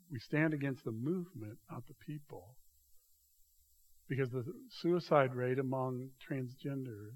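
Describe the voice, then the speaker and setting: A man preaching a sermon in a church, swinging between loud, raised passages and hushed, quiet asides. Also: mid-range voice. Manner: dramatic shifts between loud acted quotes and hushed asides. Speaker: pastor.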